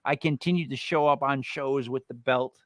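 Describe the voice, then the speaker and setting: A man's voice: medium pitch, steady tone, moderate pace, fairly bright tone, no room sound, low-quality recording. An American man hosting a podcast, chatting casually in a blunt, joking way and swearing freely. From United States. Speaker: podcast host.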